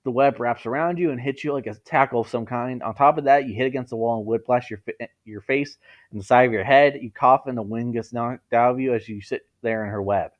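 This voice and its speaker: A man's voice: mid-range voice, fairly quick, dull audio. A man reading a fan fiction story aloud in a casual way, stumbling over words now and then. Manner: casual, stumbling, laughs at the text.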